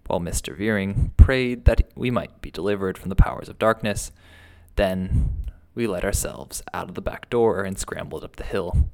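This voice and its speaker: A man reading a first-person ghost tale aloud in a steady, dramatic storytelling manner. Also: sits low. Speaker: narrator.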